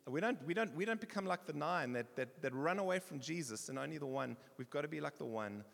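Animated preacher in an echoing church hall. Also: male voice, on the high side, fast talker, vocal fry. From South Africa. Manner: animated preaching with bursts of shouting. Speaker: pastor. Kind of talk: sermon.

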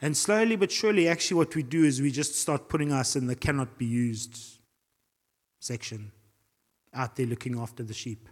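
A man with a South African accent preaching a sermon as pastor, animated, acting out voices and reading scripture aloud. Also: medium pitch, moderate pace. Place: church hall. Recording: long hall reverb.

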